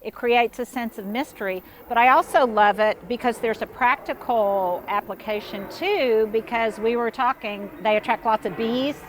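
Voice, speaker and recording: A woman's voice: fairly high pitch, moderate pace, hardly any pauses, slight background noise. A woman hosting a casual garden tour outdoors, gushing with praise as she walks and talks. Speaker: host touring a garden. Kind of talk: casual chat.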